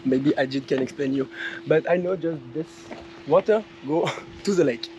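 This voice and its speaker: A man with a strong French accent talks casually to his camera in halting, broken English, in a voice pitched a little high. Clear ambient noise surrounds him outdoors by a salt lake. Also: darkish tone, muffled recording. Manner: chatty, hesitant, broken English. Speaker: travel vlogger. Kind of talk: casual travel vlog.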